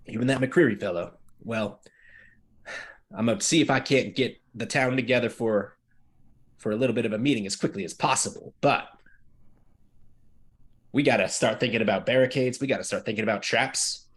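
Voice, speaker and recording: A man's voice: medium pitch, moderate pace, pauses often, a bit bright, husky. A man playing a weary frontier marshal, speaking earnestly with folksy phrasing. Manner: folksy drawl, plainspoken.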